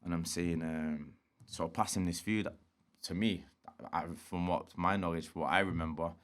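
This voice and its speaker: A man's voice: deep voice, steady tone, moderate pace, clear, resonant tone. A man, a guest telling street stories in a slangy, swearing style and acting out quotes. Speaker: interview guest. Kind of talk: casual storytelling.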